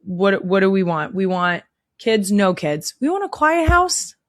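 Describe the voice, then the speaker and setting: A young woman hosting a podcast in casual chat, gushing and dropping into soft whispers as she coos over animals in the studio. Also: medium pitch, big pitch swings, unhurried, no room sound. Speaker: podcast host. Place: indoor studio.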